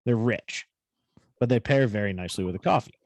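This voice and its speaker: A man's voice: fairly low pitch, a little fast, darkish tone, dry recording. A man co-hosting a podcast, telling a story in casual, profane chat with a New England accent. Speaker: podcast co-host.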